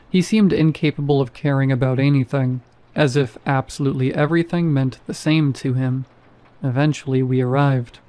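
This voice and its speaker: A man narrating a first-person horror story with a dark, mellow voice at a middling pitch. His delivery is wry and casual, like someone recounting a strange shift at work.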